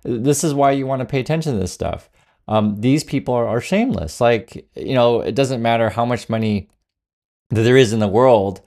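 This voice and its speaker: A man's voice: mid-range voice, moderate pace, a little mellow. A man hosting casual political commentary, sarcastic, with many fillers and restarts.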